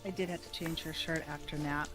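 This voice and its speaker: A woman's voice: sits low, fairly even intonation, a little fast, music in the background. A woman livestreaming a game from home, chatting playfully and laughing often. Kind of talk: casual gameplay livestream chat.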